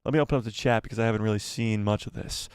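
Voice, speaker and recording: A man's voice: lowish voice, fairly even intonation, very fast, smooth, dry recording, studio quality. A man hosting a live fan stream, chatting casually in a rambling, self-deprecating, joking way. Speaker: host of a live fan show.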